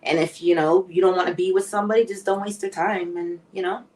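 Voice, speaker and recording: A woman's voice: lowish voice, steady tone, fast talker, a little mellow. Candid woman in her forties, distant mic. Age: 40s. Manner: emotional, candid, tearful at times. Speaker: guest. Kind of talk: live interview.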